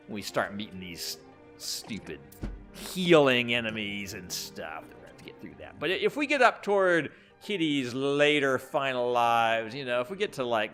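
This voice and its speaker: Chatty guy doing let's-play commentary, lowish voice that swings around a lot, faint music behind. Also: fairly bright tone. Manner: chatty, rambling, chuckles often. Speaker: gameplay commentator.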